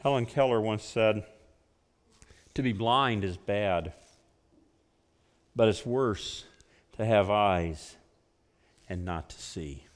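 A man preaching a sermon with earnest conviction, swelling loud and then dropping to hushed tones as he presses a point. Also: on the low side, slow, pauses often. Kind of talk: sermon with told stories. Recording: long reverb of a hall.

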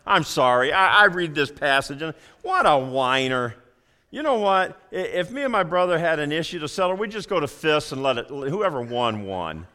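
Male pastor, somewhat high voice, folksy and lively sermon delivery with repeated phrases. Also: moderate pace, clear, resonant tone. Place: church sanctuary.

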